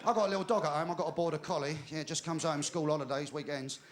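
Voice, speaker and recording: A male stand-up comedian firing off deadpan one-liners. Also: a little high, fast. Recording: very hissy old TV recording.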